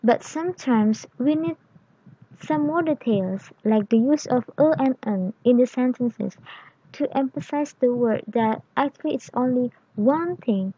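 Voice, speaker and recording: A woman explaining English grammar in a lesson, reading example words and phrases deliberately. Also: high-pitched, mellow, husky, no echo, muffled recording.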